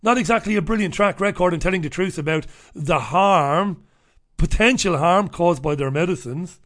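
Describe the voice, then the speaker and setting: A man's voice: high voice, moderate pace, fairly bright tone. An Irish man hosting a talk radio show, ranting bluntly and swearing freely. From Ireland. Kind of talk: opinionated talk radio monologue.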